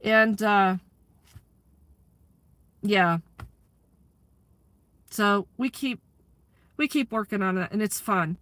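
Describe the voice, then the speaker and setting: A woman's voice: mid-range voice, extremely slow, long pauses, fairly bright tone, dry recording. A woman chatting candidly to her live audience, laughing often and swearing freely. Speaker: livestreamer and community aid organizer. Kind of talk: casual chat to a live audience.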